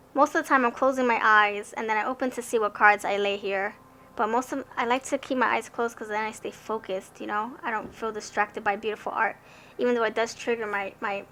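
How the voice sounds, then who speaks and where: A woman's voice: a little high, bright, forceful tone, a little hiss or hum. A young woman giving a casual tarot card reading, chatty and rambling, who often stammers and restarts her sentences.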